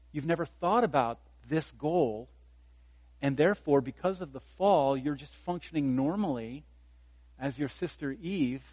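A man in his fifties preaching a sermon, chatty, then lifting his voice to drive a point home. His voice sits a little high, and the sound is dry and close with no room echo. He tells stories on himself with easy humor. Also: darkish tone, husky, dull audio. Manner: conversational preaching, rising for emphasis, self-deprecating humor. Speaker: pastor.

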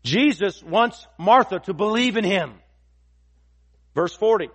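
A pastor preaching an expository sermon, emphatic and repeating key phrases for weight. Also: male voice, high-pitched, expressive, moderate pace, fairly bright tone, breathy edge.

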